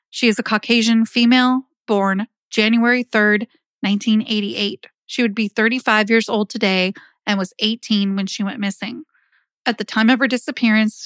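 A woman hosting a podcast, reading out a case summary in a measured way. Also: on the high side, fairly bright tone, no room sound, studio quality. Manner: measured, reads numbers slowly. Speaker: podcast host.

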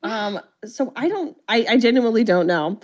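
A woman's voice: a little high, expressive, moderate pace, a little mellow. A woman co-hosting a podcast, animatedly retelling a film's plot and acting out the characters' lines in casual chat. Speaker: podcast co-host. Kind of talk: casual movie recap chat.

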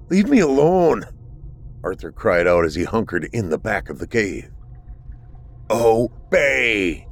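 A man narrating a horror story with steady, dramatic delivery. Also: low voice.

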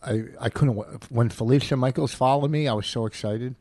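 A man's voice: medium pitch, a little fast, darkish tone, no room sound. A man hosting a comedy podcast, blunt and rambling in casual banter. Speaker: podcast host.

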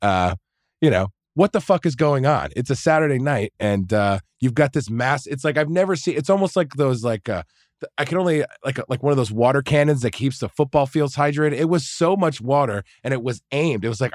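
A man's voice: mid-range voice, fairly quick, no echo, clean studio sound. A man casually telling a long, profane story, full of fillers and restarts. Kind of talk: casual chat.

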